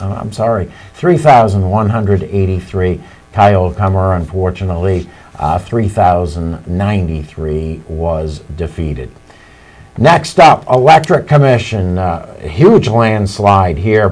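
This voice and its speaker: A man's voice: lowish voice, darkish tone. A man hosting live local election coverage, reading out vote counts with chatty asides and the occasional slip. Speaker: local TV election results host. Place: local TV studio.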